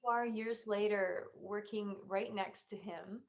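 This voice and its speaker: Flat-voiced woman hosting a chat. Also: mid-range voice, unhurried. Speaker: host. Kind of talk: casual interview chat.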